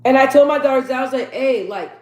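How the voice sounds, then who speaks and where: Fast-talking and pitched high, yet with a somewhat dark tone, this woman in her thirties hosts a casual live stream. She tells chatty stories, hammers points through repetition, and reads viewer comments, heard in an echoing room.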